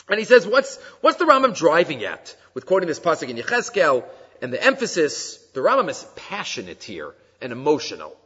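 A man giving a Torah class, teaching with animated delivery and weaving Hebrew and Aramaic quotes into English. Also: high-pitched, in a large hall, muffled recording. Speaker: rabbi giving a weekly class.

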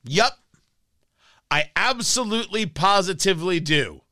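A man's voice: high-pitched, lively intonation, unhurried, sharp tone, dry recording, shouting. A man hosting a talk radio show, delivering an emphatic, combative monologue into a studio microphone.

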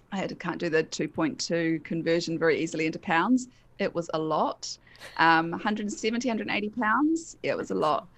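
Low-voiced New Zealand woman, chatty. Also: a bit bright, no room sound. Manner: candid and chatty, with frequent laughs and self-deprecating asides. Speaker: guest, hypnotherapist. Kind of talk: casual conversational storytelling.

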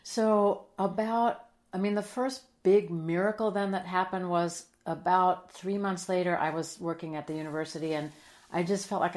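A middle-aged woman in a heartfelt interview, telling a personal story with earnest emotion, sometimes dropping soft and quiet. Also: lowish voice, normal speed. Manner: earnest and emotional, drops soft and quiet, then lively when quoting. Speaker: guest.

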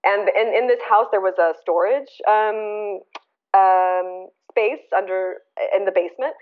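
A woman's voice: mid-range voice, a little slow, clean tone. An American woman in her thirties, a guest artist telling a story in a casual interview, earnest and searching, full of restarts and fillers. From United States. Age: 30s. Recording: tinny phone-like line.

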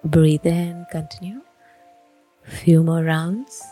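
A woman calmly leading a guided breathing exercise, counting each breath in and out. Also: low voice, faint music behind. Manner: calm, counts breaths slowly. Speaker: breathing instructor.

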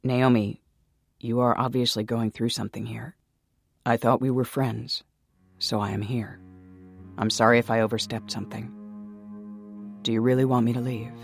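A man's voice: medium pitch, flat delivery, normal speed, gravelly, long pauses, no echo, soft background music. A man voicing a caring young man who speaks sternly and then pleads with a friend. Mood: pleading.

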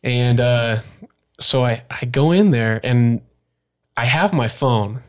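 Young man telling a story haltingly. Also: medium pitch. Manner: halting, full of "like" and restarts. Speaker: podcast guest. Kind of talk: storytelling in a casual interview.

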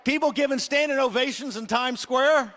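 A middle-aged man hosting a political talk show, ranting combatively and shouting in bursts. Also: very high-pitched, normal speed. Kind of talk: fiery political rant.

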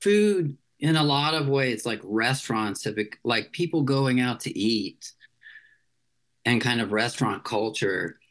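Chatty man, mid-pitched, loose and rambling. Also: lively intonation, a little slow, a bit bright. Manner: rambling, loose storytelling with many filler words. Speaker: chef, interview guest. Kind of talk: casual interview chat.

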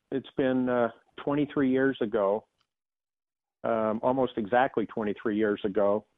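A man's voice: mid-range voice, no room sound. Man on a tinny dry call line. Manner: measured, reflective, with frequent restarts. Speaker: guest, former emergency doctor. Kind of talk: interview, personal storytelling.

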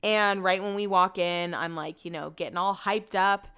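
Woman podcast host, smooth voice, sarcastic chatty storyteller who swears a lot. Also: on the low side, steady tone, moderate pace, fairly bright tone.

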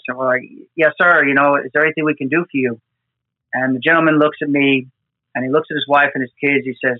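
Speaking fast with fairly even intonation and a fairly high pitch, this man recounts his disaster response work with a New York fire department team. His storytelling is earnest and emotional, with frequent repeated words. The line sounds tinny and phone-like, without room sound.

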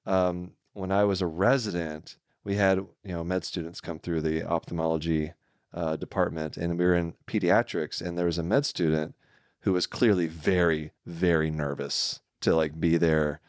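A man co-hosting a casual chat, an eye doctor telling stories in a halting, chatty way. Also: low voice, steady tone, no room sound, clean studio sound. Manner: chatty, halting with fillers and restarts. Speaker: co-host, ophthalmologist.

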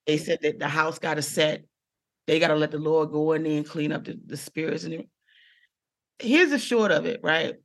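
A woman's voice: sits low, a little fast. A woman comedian telling a story with theatrical flair, acting out the people she quotes. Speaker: guest comedian. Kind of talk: storytelling in casual chat.

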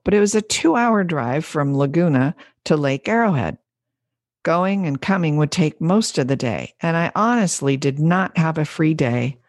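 A woman podcast host and business coach reading an essay aloud in a measured, storytelling way. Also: deep voice, darkish tone, no room sound, studio quality.

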